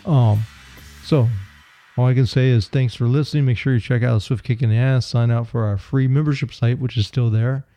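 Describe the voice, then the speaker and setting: A man co-hosting a podcast, plain-spoken and relaxed in casual chat. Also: medium pitch, moderate pace, no echo, faint music behind. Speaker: podcast co-host.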